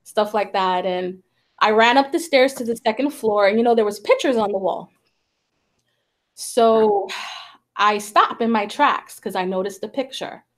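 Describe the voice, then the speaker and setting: A psychic medium hosting a talk show speaks at a measured pace in a medium-pitched voice. She tells a personal story in a chatty manner, relying heavily on "like" and "you know," and acts out the quoted voices.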